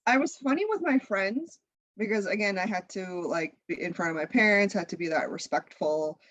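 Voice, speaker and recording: Woman guest on a podcast, chatty and animated, laughs a lot, dry close mic. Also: mid-range voice, moderate pace, no room sound, low-quality recording. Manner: chatty, lively, laughs often. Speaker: guest, content creator. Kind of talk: casual interview chat.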